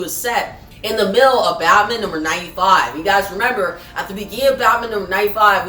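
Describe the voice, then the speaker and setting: A woman's voice: mid-range voice, bright, forceful tone. A woman giving a casual, chatty comic book recap, often checking in with "right?". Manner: chatty, keeps asking "right?". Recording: echoey room, distant mic, faint music.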